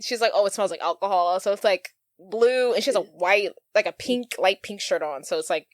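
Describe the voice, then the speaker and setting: A woman co-hosting a podcast, chattily retelling a movie plot with laughs and quick quoted voices. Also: mid-range voice, dry recording. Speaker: podcast co-host. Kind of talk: casual movie recap chat.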